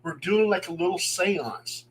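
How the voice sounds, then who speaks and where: A middle-aged man, a paranormal investigator, telling ghost stories in a casual, animated way and acting out the voices in them. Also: sits high, unhurried, slight background noise, rough recording. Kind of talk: casual storytelling on a talk show.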